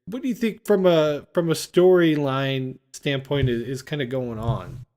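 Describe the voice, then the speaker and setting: A man's voice: mid-range voice, a little slow, darkish tone. A man hosting a casual movie-review podcast, recapping scenes and acting out lines. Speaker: podcast host.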